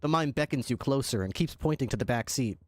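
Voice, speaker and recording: A man narrates a role-play scene as game master, circling back and restarting his sentences as he goes. His voice sits at an ordinary pitch. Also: expressive, no room sound. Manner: rambling, halting narration with restarts.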